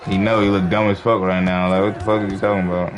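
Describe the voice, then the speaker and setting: A man's voice: low-pitched, little pitch movement, fast talker, music in the background. A man streaming a basketball video game live, ranting profanely and exasperatedly at another player. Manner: profane, exasperated trash talk. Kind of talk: casual gaming commentary. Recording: background noise.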